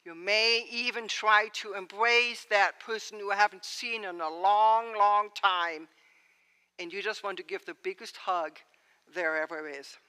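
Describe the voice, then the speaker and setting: A woman's voice: medium pitch, fairly even intonation, unhurried, sharp tone, clear, resonant tone. A woman pastor giving a sermon, preaching expressively and asking rhetorical questions. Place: church sanctuary. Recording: long church reverb.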